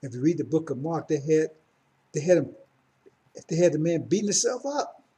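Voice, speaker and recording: A man's voice: a little high, big pitch swings, normal speed, warm tone. A middle-aged man giving a rambling live-streamed religious talk, correcting himself and then building to fervent emphasis. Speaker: religious teacher.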